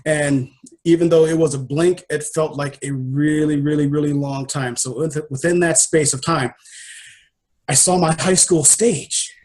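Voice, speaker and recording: Man guest, higher voice, expressive, emotional storyteller who acts out scenes. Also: a little slow. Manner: animated and emotional, acts out his own dialogue. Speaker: life coach and interview guest. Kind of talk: personal storytelling in a conversation.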